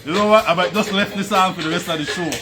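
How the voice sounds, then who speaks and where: High-voiced Belizean man chatting over music. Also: fast. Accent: Belizean Creole English. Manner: relaxed, chatty, laughs often, greets viewers by name. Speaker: livestream host. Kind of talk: casual livestream chat with viewers. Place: at home. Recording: music playing behind.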